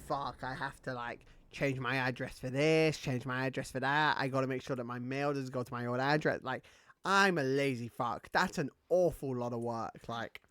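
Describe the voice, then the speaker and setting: A man's voice: medium pitch, normal speed, fairly bright tone, dry recording. A man streaming a video game, chatting casually in a rambling way, full of fillers and swearing. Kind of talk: casual gaming stream chat.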